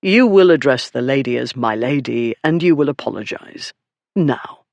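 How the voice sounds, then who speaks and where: A languid aristocrat speaks in a mild, amiable drawl that hides a threat, as an audiobook narrator puts him on. His lines dip lower and softer than the narration. The recording is dry and close. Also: expressive, moderate pace, vocal fry, no room sound. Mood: quiet menace. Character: aristocratic duke, lazy and quietly menacing. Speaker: story character.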